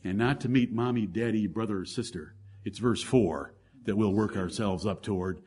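A male pastor preaching a sermon, swinging from fervent raised passages to quiet, intimate asides to the congregation. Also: fairly low pitch, moderate pace. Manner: addresses congregation as brethren, rhetorical questions.

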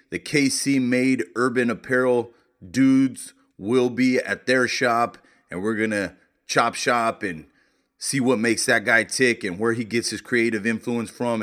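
A man's voice: medium pitch, a bit bright. Laid-back male podcast host. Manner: laid-back, plugs sponsors and events. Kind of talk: casual podcast intro and shout-outs. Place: beer hall.

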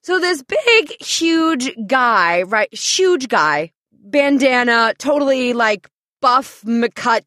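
Lively high-voiced woman telling a story. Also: drawn-out words, no echo, studio quality. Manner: animated, sarcastic, acts out quotes loudly. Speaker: podcast co-host. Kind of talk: comedic storytelling chat.

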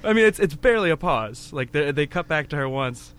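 A man's voice: animated, fairly quick, fairly bright tone, smooth. Man chatting, acting out quotes. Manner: acts out characters' lines with jumps in pitch. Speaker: podcast co-host. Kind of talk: casual chat about an anime.

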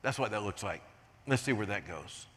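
An older American man preaching a sermon as pastor, swinging from hushed asides to emphatic points. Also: on the low side, expressive, moderate pace. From United States. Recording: long reverb of a large hall.

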